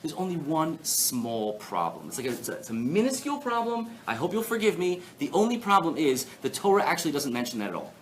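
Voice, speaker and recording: A man giving a live Torah class, animated and playful, asking the audience rhetorical questions. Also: fairly high pitch, fairly quick, few pauses. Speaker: rabbi teaching a class. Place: synagogue hall before an audience.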